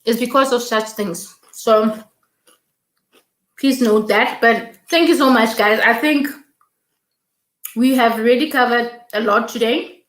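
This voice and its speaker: A woman hosts a casual live stream, taking her time over each word in a slightly high voice. She chats along, repeats her thanks and reads viewer comments aloud. The sound is roomy and echoey, picked up by a mic at some distance. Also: measured pace, pauses often. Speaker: YouTube live stream host.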